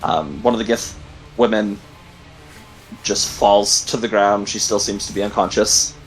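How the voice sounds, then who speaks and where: A man narrating a tabletop game as game master, halting often with ums and restarts. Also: lowish voice, faint music behind, poor audio. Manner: halting, many ums and likes.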